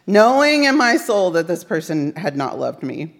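A woman's voice: lowish voice, very animated, normal speed. A woman giving a sermon built around a personal story, wry and self-mocking as she tells it. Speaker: speaker at a Unitarian Universalist service. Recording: long reverb of a large hall.

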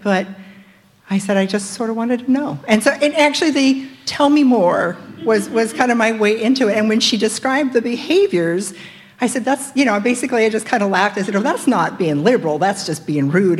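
A woman's voice: medium pitch, normal speed. A middle-aged woman in a group discussion, animatedly telling a story and acting out the dialogue. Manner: animated, acts out quoted dialogue. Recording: long hall reverb.

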